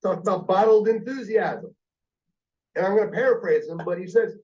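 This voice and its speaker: Man, sales trainer, higher voice, emphatic, repeats points, muffled lo-fi sound. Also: normal speed, darkish tone. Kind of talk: coaching a call-center team.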